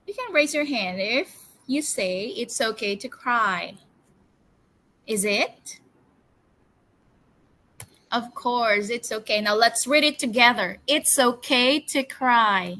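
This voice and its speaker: A woman English teacher leading a storytelling lesson for children, coaxing them with cheerful questions and slow call-and-response word drills. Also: fairly high pitch, animated, pushed and bright, poor audio.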